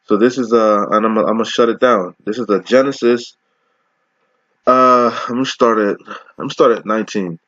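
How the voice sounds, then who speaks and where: A man giving an informal scripture lesson, mixing slow, deliberate verse readings with casual, profane slang asides and frequent laughs. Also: fairly low pitch, fairly bright tone, dry recording, highs cut off. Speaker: scripture teacher.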